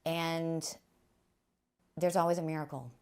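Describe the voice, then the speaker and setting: A woman guest speaking earnestly about her faith on a talk show, halting, with many restarts. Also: low-pitched, steady tone, a little mellow, smooth. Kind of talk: faith testimony interview.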